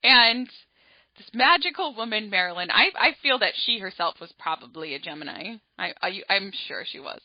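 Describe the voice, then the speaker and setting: A woman hosting an astrology podcast, telling a personal story in a chatty, animated way full of asides. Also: medium pitch, moderate pace, no echo, lo-fi sound. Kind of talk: casual storytelling monologue.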